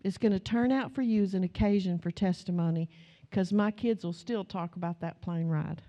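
Animated woman pastor preaching. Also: normal speed. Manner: animated, swings from low asides to loud exclamations. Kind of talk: sermon with storytelling.

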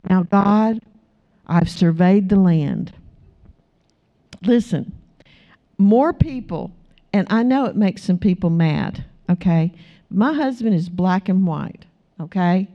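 A woman's voice: on the low side, slow pace, pauses often. A woman preaching a sermon, telling stories and acting out the voices of the people in them. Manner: animated, acts out voices in her stories. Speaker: preacher, pastor's wife. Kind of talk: sermon with storytelling. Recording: slightly dull lo-fi sound.

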